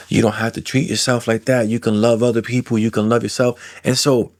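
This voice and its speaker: A man in his forties, a coach for trauma clients, talking casually to camera in a self-help monologue, animated, drawing out words for emphasis and acting out inner voices. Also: mid-range voice. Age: 40s. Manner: animated, acts out inner voices and imagined replies, drawn-out emphasis.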